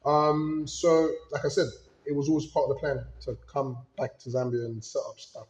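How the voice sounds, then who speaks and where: A man's voice: fairly high pitch, normal speed, muffled recording. London guy being interviewed, laid back, laughs along, echoey room. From London, England. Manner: relaxed, candid, laughs along. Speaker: guest, film company CEO. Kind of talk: casual interview chat.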